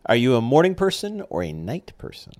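A man's voice: medium pitch, huge pitch swings, fairly quick, darkish tone. A man hosting a podcast, asking questions in a joking, teasing casual chat. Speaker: podcast host.

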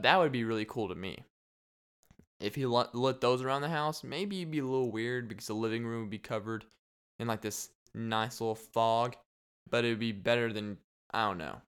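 A man's voice: lowish voice, moderate pace, a bit bright, clear, resonant tone. A young man hosting a casual solo podcast, rambling and joking with frequent laughs. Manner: rambling, jokey, laughs often. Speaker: podcast host.

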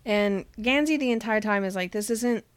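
Animated woman recapping a book, dry sound. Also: mid-range voice, clear, resonant tone, dry recording. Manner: animated retelling with quick voiced quotes and laughs. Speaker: podcast host recapping a book. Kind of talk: casual chat.

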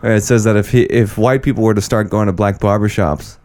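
Low-voiced dude cohosting a podcast, crude banter. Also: male voice, fairly even intonation, brisk, darkish tone. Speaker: podcast co-host. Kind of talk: casual chat.

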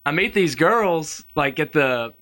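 A man's voice: fairly high pitch, expressive, unhurried, fairly bright tone. A man telling a rambling, laughing story as a guest on a casual podcast, acting out the people he quotes. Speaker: podcast guest, touring musician. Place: podcast studio.

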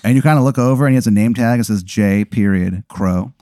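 A man's voice: medium pitch, rapid-fire, warm tone, no echo, clean studio sound. A man hosting a podcast, improvising a rambling comedic story with many fillers and restarts. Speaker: podcast host.

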